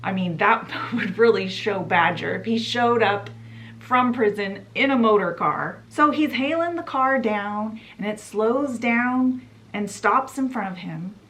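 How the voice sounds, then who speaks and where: A woman's voice: mid-range voice, a little slow, fairly bright tone, slight background noise. A woman hosting a book channel, retelling a classic story in a chatty, casual way. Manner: chatty, fills with "you know" and "he's like".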